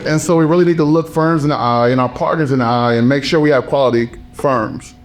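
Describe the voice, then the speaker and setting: Male panel speaker, hoarse from a lost voice, emphatic and driven, mid-range pitch. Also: fast talker, soft background music. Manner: passionate, emphatic, repetitive phrasing. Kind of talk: panel talk.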